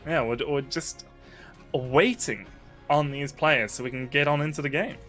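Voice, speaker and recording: A man's voice: a little high, normal speed, a bit bright, faint music behind. Dry, teasing male esports caster. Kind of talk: live tournament commentary.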